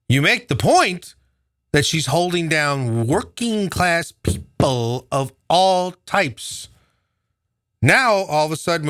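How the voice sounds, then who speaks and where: A man's voice: a little high, a bit bright, no room sound, studio quality. A man delivering an angry, profane political rant, heated and sneering. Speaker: political commentator.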